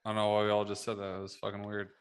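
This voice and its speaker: Casting note: male veteran co-host, gravelly low voice, flat delivery, blunt. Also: rapid-fire. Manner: blunt, heavy swearing. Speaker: podcast co-host and military veteran. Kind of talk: casual podcast chat.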